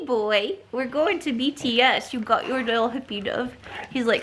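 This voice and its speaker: A woman vlogging at home in a casual, expressive way, moving between soft talk and loud outbursts. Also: a little high, normal speed, slight background noise. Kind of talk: casual vlog chat to camera. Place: at home with her dogs.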